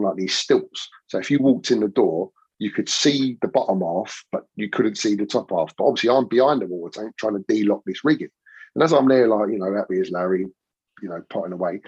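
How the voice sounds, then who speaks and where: A man's voice: on the low side, darkish tone, breathy edge, dry recording. A middle-aged man with a London accent, telling slangy, swearing anecdotes as a podcast guest. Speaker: podcast guest, former pirate radio owner. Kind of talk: casual storytelling chat. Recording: dull, dry lo-fi podcast audio.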